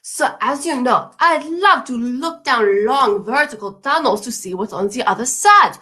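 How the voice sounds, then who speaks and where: A woman's voice: fairly high pitch, expressive, a little slow, bright, forceful tone. A woman improvising a scene, telling a story playfully in a put-on French accent and dropping in French words. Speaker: improv performer.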